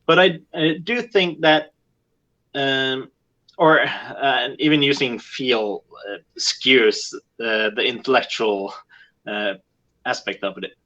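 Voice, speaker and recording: A man's voice: mid-range voice, slow pace, sharp tone. A man from Norway with a Norwegian accent, a guest in a casual online chat, talking hesitantly with many fillers over a video call. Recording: dull lo-fi call audio.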